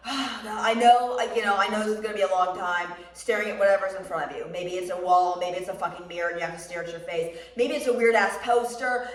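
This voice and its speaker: A young American woman vlogging about running, talking bluntly and swearing freely as she tells animated stories. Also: mid-range voice. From United States. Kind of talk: casual chat. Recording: roomy sound, mic somewhat distant.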